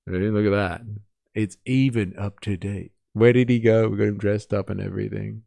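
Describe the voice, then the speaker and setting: This Australian man, with a Western Sydney accent, hosts a casual reaction live stream in a lowish, gravelly, dark voice with a steady tone and moderate pace. He chats with sarcastic teasing and swears often, and the clean studio sound has no room sound.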